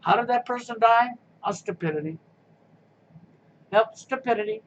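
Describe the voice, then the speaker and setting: A man's voice: very high voice, normal speed, dull audio, a little hiss or hum. A man giving a sarcastic, mocking rant on a live stream, blunt and frustrated in tone.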